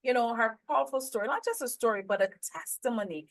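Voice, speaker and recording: A woman's voice: on the high side, fast talker, rough recording. A woman hosting a talk show, effusive and fond of repeating words as she thanks her guest and urges listeners to share. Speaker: host.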